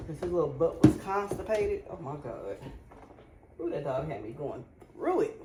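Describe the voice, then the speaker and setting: A woman's voice: deep voice, sing-song, moderate pace, echoey room, very noisy. A woman vlogger and mother, chatting casually and confidingly to her viewers while she cleans and cooks at home. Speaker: lifestyle vlogger, mother and wife. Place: home kitchen.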